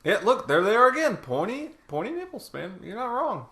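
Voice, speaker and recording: A man's voice: sits high, big pitch swings, brisk, pushed and bright, reverberant. A man in a casual movie commentary, crude and teasing.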